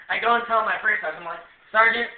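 A young man with a fairly high voice rambles through a funny personal story, full of slang and fillers. He sounds thin and tinny, as if from a cheap webcam mic, and set back in an echoey room. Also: quick pace, recorded from a distance. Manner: casual, laughs often, acts out quoted voices. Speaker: vlogger telling a story.

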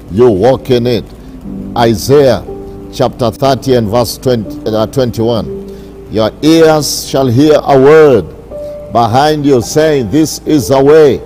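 A bishop preaching a sermon, repeating his declarations slowly and with emphasis. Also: medium pitch, warm tone. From Kenya.

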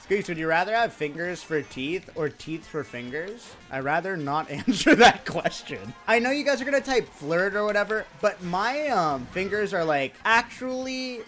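A young man from India, streaming and chatting casually with his viewers in an excitable, joking, swear-heavy way. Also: sits high, normal speed, few pauses, soft background music. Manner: animated, excitable, swears, jokes with chat. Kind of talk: casual livestream chat.

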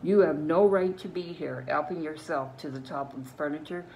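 A woman's voice: deep voice, lively intonation, moderate pace, lo-fi sound, slight background noise. A woman with a Newfoundland accent reading the lines of a brave teenage girl detective, firm and defiant.

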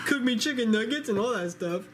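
A woman's voice: fairly high pitch, lively intonation, unhurried, a bit bright, a little hiss or hum, voice pushed down. A woman voicing a bratty, crude young male plush turtle who talks in a smug, teasing way. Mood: taunting.

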